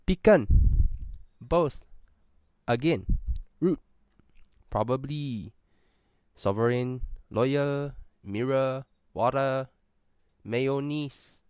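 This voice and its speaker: For an accent tag video, a male vlogger puts on a Singaporean English accent and works through a list of prompts in casual, playful, profane chat with joking asides. His mid-range voice is smooth and a little mellow, very slow with long pauses, and there's no echo.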